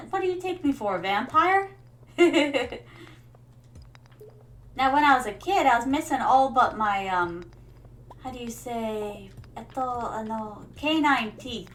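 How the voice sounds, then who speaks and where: A woman's voice: fairly high pitch, animated, slow pace, a bit bright. A young woman streaming a game in casual, rambling chat, playing a playful royal persona who calls her viewers her darlings. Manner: rambling, many fillers.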